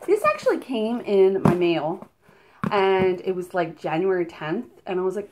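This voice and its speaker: A chatty woman in her own casual vlog voice at a middle pitch, talking through a box of products. She gets excitable and gushes over what she finds, a bit out of breath as she goes. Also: brisk, background noise. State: slightly out of breath. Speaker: subscription box reviewer. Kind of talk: casual unboxing chat. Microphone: camera mic, filming at night indoors.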